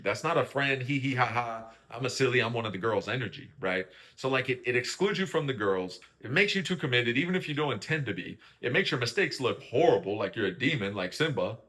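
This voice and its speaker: A young man talks through a reality-show recap in a loose, opinionated way. His tone is bright and forceful, and he keeps checking in with the listener. His pitch sits in a typical middle range for a man. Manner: chatty, keeps asking "right?" and "you know what I mean?", acts out quoted lines. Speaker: host.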